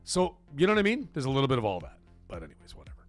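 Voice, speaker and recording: A man hosting a live stream, talking in a casual, emphatic and repetitive way, his voice getting hoarse. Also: mid-range voice, wildly swooping pitch, very fast, soft background music. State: voice going hoarse. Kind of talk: casual live-stream chat reading donations.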